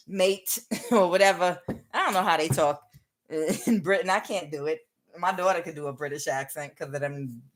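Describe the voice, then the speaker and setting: A woman's voice: fairly low pitch, a bit bright. A middle-aged woman giving a casual tarot reading. She is chatty, laughs often and calls her viewers y'all. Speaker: tarot reader.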